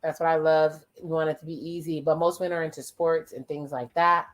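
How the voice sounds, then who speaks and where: A watch-along host with a level tone and medium pitch gives casual reaction commentary, responding directly to the screen. Freely swearing, the host drops wry exclamations and shifts into quick quoted voices to relay what people on screen say.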